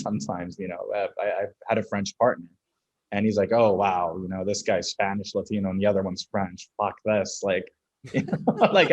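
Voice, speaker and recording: Brief: young male founder from Venezuela, low-pitched, frank conversational guest. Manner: casual, candid, laughs through anecdotes. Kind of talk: conversational interview.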